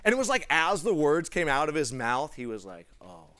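A man giving a sermon to a live gathering, telling a personal story in an excitable, animated way. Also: on the high side, a little fast. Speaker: preacher.

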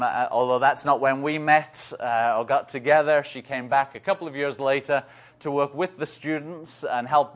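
A man's voice: medium pitch, fairly bright tone. Chatty English man preaching. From northeast England. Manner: chatty, self-deprecating, joking asides. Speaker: guest speaker. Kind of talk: conversational preaching.

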